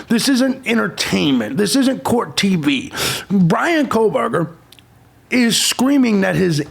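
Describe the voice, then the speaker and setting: Brief: man, true crime commentator, very gravelly and husky, abrasive rants. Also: sits high. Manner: abrasive, insulting, sarcastic. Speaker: true crime channel host. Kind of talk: profane ranting commentary.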